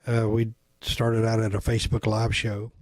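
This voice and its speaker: A man's voice: fairly low pitch, monotone, normal speed, no echo. A man hosting a casual interview for his shop's channel, friendly and chatty, with plenty of fillers. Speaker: shop owner and show host.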